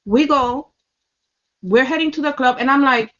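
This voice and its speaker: A woman's voice: sits high, moderate pace, a bit bright, dull audio. A woman telling a personal story in blunt, casual speech, swearing heavily and repeating lines for emphasis. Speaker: storyteller recounting her experience. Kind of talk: casual spoken testimony.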